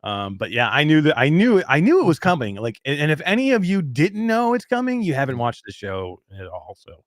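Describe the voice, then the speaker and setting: A man's voice: on the high side, wildly swooping pitch, fairly quick, no echo, clean studio sound. A man hosting a live weekly talk show, teasing his co-host and laughing often.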